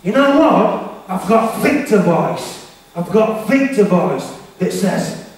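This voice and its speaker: Slow but very animated, a high-voiced man delivers a motivational keynote to teenagers, speaking directly to them with emphasis and repetition. The audio comes from far off in a large, echoing hall filled with a teenage audience.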